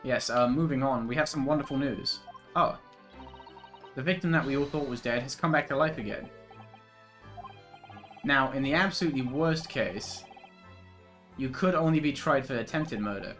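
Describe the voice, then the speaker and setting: An earnest young law student asks careful questions, as a man reads him. The voice is plain and mid-pitched. Light music sits behind it. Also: normal speed, pauses often, a bit bright, natural voice.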